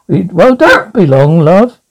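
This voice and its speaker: An actress playing a brisk, teasing young woman in a radio drama. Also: on the low side, very animated, background noise, full character voice. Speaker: the man's sweetheart.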